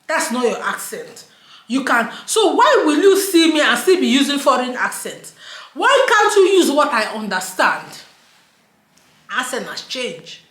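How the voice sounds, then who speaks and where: Nigerian woman vlogger, fairly high voice, chatty rant peppered with pidgin, echoey home room. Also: big pitch swings, measured pace, fairly bright tone. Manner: chatty, mixes in pidgin, laughs while ranting. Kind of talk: casual storytelling to camera. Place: indoors at home, daylight.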